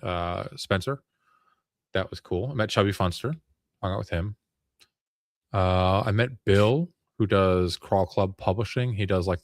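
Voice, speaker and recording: A man in casual chat, telling a long rambling story in an animated way. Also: deep voice, no room sound, studio quality.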